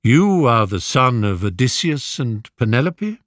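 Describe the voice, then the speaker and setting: Man doing a courteous older king, soft-spoken, kindly, slow and measured, storybook reading, dry sound. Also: medium pitch, big pitch swings, no room sound. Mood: gentle.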